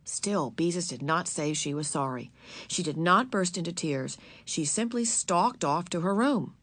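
A woman narrating a children's book, telling the story in a gentle, measured, expressive way. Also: on the low side, dry recording. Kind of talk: children's audiobook reading.

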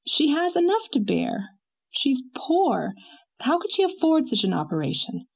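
A woman's voice: high-pitched, big pitch swings, a little slow, vocal fry, pitched above the performer's own voice, exaggerated voice, rough recording. A woman voicing a spirited young wife who argues passionately and pleads. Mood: vehement. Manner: vehement, pleading.

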